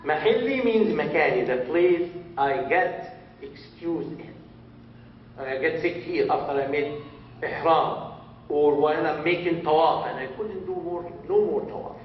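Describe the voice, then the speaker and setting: A man with a fairly high voice, teaching a mosque class, patient and repetitive. He is recorded from some way off in a roomy hall. The sound is dull, with a faint hiss behind him. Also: expressive, recorded from a distance. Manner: repeats phrases, restarts, slow deliberate teaching. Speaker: religious teacher. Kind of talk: instructional Q&A talk.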